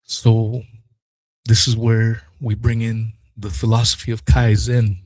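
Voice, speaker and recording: A man's voice: fairly low pitch, completely flat delivery, takes it slowly, a little mellow. A man hosting a solo podcast, speaking raw and emotional, swearing freely as he talks through personal feelings and a philosophy of self-improvement. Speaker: podcast host. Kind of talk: solo podcast talk, live stream.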